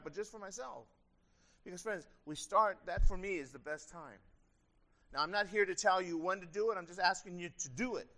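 A man's voice: on the high side, a bit bright. A man preaching a sermon as pastor, earnest and conversational, with a slightly strained throat.

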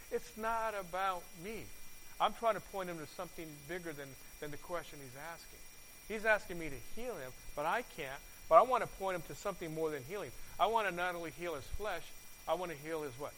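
A man delivers a sermon in a fairly high voice, often pausing to ask his listeners questions and stumbling over repeated words. His volume climbs to loud peaks and falls back to near-quiet. A faint hum sits under the recording. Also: poor audio. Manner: volume swings from loud to soft. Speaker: pastor.

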